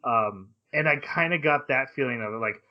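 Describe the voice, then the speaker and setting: A man co-hosting an anime podcast in casual chat, excitable and quick to laugh, often stumbling into restarts. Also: mid-range voice, dull audio. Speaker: podcast co-host.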